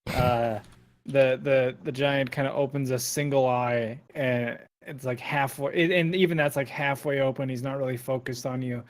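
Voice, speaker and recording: A man's voice: medium pitch, steady tone, moderate pace. A man narrating as game master of a tabletop game, talking casually with many fillers.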